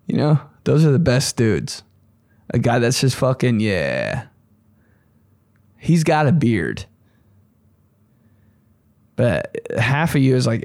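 A young man hosting a podcast, riffing in a casual comedic monologue with crude jokes and sudden shrill put-on voices. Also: takes it slowly, long pauses, dry recording, studio quality. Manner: animated, crude, puts on shrill voices for bits. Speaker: podcast host.

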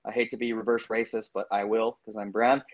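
A man co-hosting a podcast gives his betting picks in loose, chatty sports-betting talk full of fillers and asides. His voice is on the low side, delivered flatly and fairly quickly.

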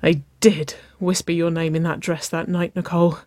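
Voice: mid-range voice, level tone, moderate pace, a little mellow, no echo, close to an everyday voice. A reader voicing a desperate young woman in love, breathless and pleading, slipping into whispers.

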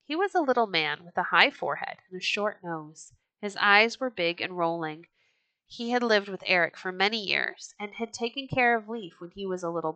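Bright-voiced woman reading a storybook. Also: mid-range voice, no room sound, poor audio. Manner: gentle and clear read-aloud. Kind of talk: reading a children's storybook aloud.

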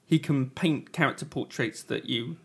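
A man's voice: medium pitch, moderate pace, creaky, slightly rough. A man hosting a podcast, joking and punning in a mock-grand way. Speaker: podcast host. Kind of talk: jokey podcast banter.

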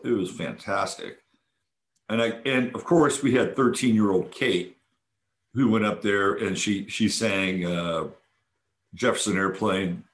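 A man hosting a podcast, chatting enthusiastically about a weekend event in a casual monologue full of fillers and restarts. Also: sits low. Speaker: podcast host.

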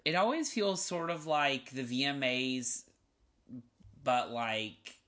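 Man, podcast host, Southern accent, enthusiastic casual chat, crisp bright tone. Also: medium pitch, expressive, slow pace. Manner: chatty, enthusiastic, lots of "like" fillers.

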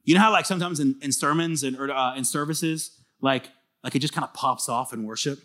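A pastor preaching a sermon in a lively, conversational way, often asking the listeners questions. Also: male voice, medium pitch, a little fast. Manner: casual fillers and restarts.

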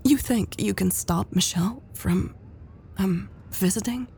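A woman voicing a tender young woman who speaks softly, often in a hushed whisper, in an audiobook. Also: mid-range voice, takes it slowly, creaky, breathy edge, voice pushed up, full character voice. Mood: hesitant. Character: soft tearful young woman, tender lover.

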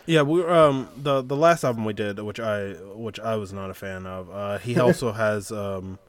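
On a music podcast, this male co-host chats loosely about music, wandering through many fillers and false starts. He speaks at a normal speed in a lowish voice, and the recording has no room sound.

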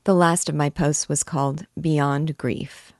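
A middle-aged woman reads passages from a novel and comments on them in a measured, reverent way. Her voice is low, with a gravelly edge. She speaks slowly, and the sound is dry and close. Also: fairly even intonation, darkish tone, no echo. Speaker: book discussion guide. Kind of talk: reading and literary commentary.

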